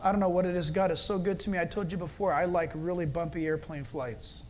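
Male pastor, sermon, storytelling, with quiet stretches and loud peaks. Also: high-pitched, steady tone, fast talker, a little hiss or hum.

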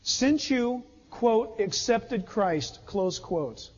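Speaking slowly and deliberately in a very high voice, a male pastor preaches with emphasis and plays out brief scenes along the way. His intonation is lively and his tone a little mellow, while the somewhat dull sound carries a long hall reverb.

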